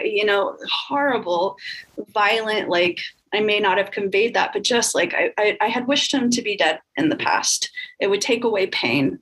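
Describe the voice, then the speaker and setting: A woman's voice: medium pitch, fairly bright tone, slightly rough, low-quality recording. A woman guest recounting a painful family story in a candid, emotional conversational way, with many fillers. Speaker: podcast guest.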